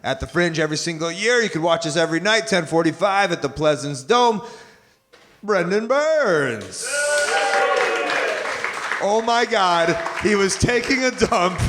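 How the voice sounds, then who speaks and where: A man hosting a live podcast interview, teasing his guest with quick jokey quips. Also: high-pitched, a bit bright, a faint crowd. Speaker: podcast host. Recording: live show with audience noise.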